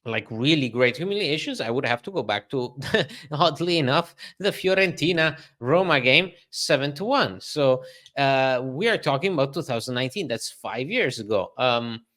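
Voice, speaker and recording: A man co-hosts a podcast in a relaxed, wry tone. He laughs easily and wanders through his points with plenty of "like" and "um". His pitch is ordinary for a man. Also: normal speed. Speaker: podcast co-host. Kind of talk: casual podcast chat.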